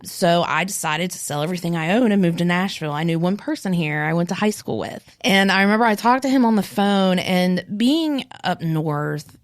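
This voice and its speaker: A woman's voice: lowish voice, a little fast, few pauses, no echo, clean studio sound. A woman in her thirties from West Virginia, with a light Southern drawl on her northern accent, telling stories as an interview guest and acting out what people said. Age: 30s. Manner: animated storyteller, acts out quotes. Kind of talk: casual interview chat.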